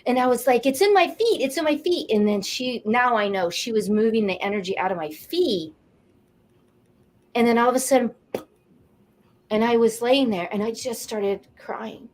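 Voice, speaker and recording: A woman in her late fifties, a guest on a talk show, telling her life story in an animated, emotional way. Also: on the high side, normal speed, long pauses, slight background noise. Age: 50s. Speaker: guest, energy coach. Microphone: studio or video call mic.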